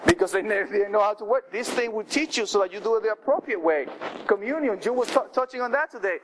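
A man's voice: sits high, fast, noisy background. A man preaching a sermon in a conversational way, often restarting his sentences and acting out the quotes he tells. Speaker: pastor.

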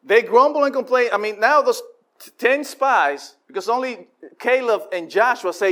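A man preaching a sermon, animated and repeating himself as he acts out voices of the people. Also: very high-pitched, moderate pace. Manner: frequent repetitions and restarts.

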